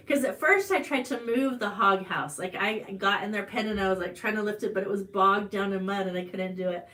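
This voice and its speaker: A woman with an Ozark American accent hosting a farm channel's live stream, telling a personal story in a chatty way with fillers and restarts, her voice climbing high on the emotional parts. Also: brisk, few pauses, fairly bright tone.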